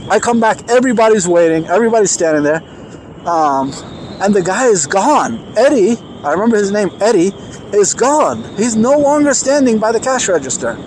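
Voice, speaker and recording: High-voiced excited storytelling man. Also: normal speed, a little hiss or hum. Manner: excited, emphatic, acts out quoted dialogue. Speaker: vlogger telling a personal story. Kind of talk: animated storytelling.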